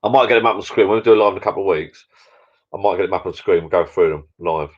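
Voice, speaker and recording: A man's voice: low-pitched, racing, breathy edge, highs cut off. A man hosting a casual live stream, rambling chattily and reading out viewer comments.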